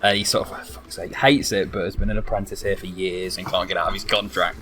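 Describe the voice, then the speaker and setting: A man's voice: low voice, level tone, fast talker, sharp tone. A man narrating a tabletop game as game master, rambling casually and swearing now and then.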